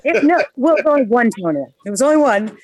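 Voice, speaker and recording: A woman's voice: fairly high pitch, big pitch swings, fairly quick, a little mellow, no room sound. A woman from New York, a guest on a talk show, telling casual stories bluntly and swearing freely. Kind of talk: casual storytelling chat.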